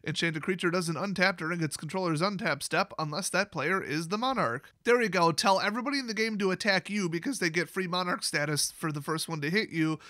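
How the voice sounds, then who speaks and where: Bright, sarcastic man reviewing cards. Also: sits high, dry recording, studio quality. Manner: sarcastic, joking asides. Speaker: card game spoiler reviewer. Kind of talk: casual commentary.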